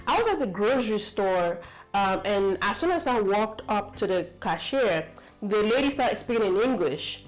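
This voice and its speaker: Woman from the US, vlogger, rambling casual storytelling, mid-pitched voice, faint music behind. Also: animated, moderate pace, rough recording. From United States. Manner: chatty, rambling, with many fillers and asides.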